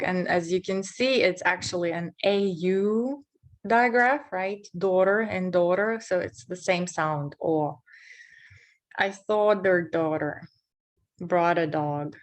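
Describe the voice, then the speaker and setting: Slow, careful woman teaching pronunciation. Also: on the low side. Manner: slow, deliberate, repeats words to model sounds. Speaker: English teacher. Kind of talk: pronunciation lesson.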